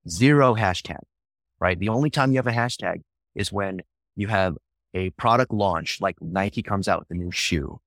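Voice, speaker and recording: A man speaking as a podcast guest, telling marketing stories in an animated, emphatic way. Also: low voice, normal speed, no room sound. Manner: animated, emphatic, jumps into acted quotes. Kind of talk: casual interview storytelling.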